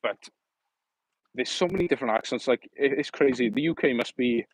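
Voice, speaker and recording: A young Welsh man talks casually into his phone on a live stream outdoors. He has a relaxed, chatty way of speaking and laughs easily as he greets people and answers them. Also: mid-range voice, brisk, rough recording. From Wales. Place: outdoors on an early summer evening. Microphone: phone on mobile data.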